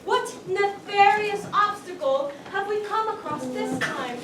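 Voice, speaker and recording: A woman's voice: extremely high pitch, animated, measured pace, crowd noise. A woman performing a comic quest sketch in a grandiose, mock-heroic declaiming manner. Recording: roomy, from a distance.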